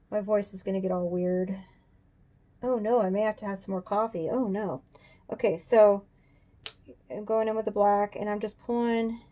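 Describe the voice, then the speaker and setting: A woman hosting a coloring tutorial, chatting casually and thinking aloud as she works, even talking to her drawing. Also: mid-range voice, creaky, muffled recording. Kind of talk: casual demonstration while drawing. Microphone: camera on a tripod.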